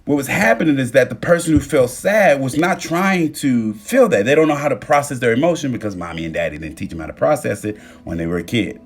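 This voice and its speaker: Man, young adult, husky voice, casual motivational livestream, animated, profane, phone mic. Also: medium pitch, brisk, hardly any pauses. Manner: animated, swears freely, talks straight to viewers. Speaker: livestream host.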